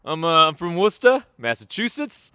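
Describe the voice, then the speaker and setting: A cocky mock-Boston tough guy, as a man puts him on, pitched well above his natural voice. The delivery is brash and gruff, with a bright, clean tone recorded close and dry. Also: very animated, moderate pace, no room sound. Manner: gruff, cocky, laughing through it. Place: converted warehouse training center.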